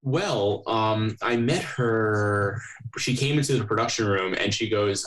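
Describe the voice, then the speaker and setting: A man's voice: fairly low pitch, measured pace, a bit bright, low-quality recording. A young man hosting a podcast, chatting casually and telling rambling stories, swearing freely. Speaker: podcast host. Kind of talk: casual chat.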